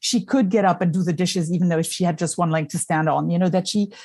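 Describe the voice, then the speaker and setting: A middle-aged woman speaks as a guest in a relaxed conversation. Her voice sits a little low, and she tells a hard personal story openly, moving between emotion and wry humor. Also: quick pace, slight background noise. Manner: candid, emotional, storytelling with self-deprecating humor. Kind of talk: casual conversation.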